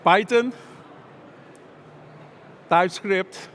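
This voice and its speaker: A man speaks as a software architect at a conference, hesitant and full of filler pauses. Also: sits high, slight background noise. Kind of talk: conference talk.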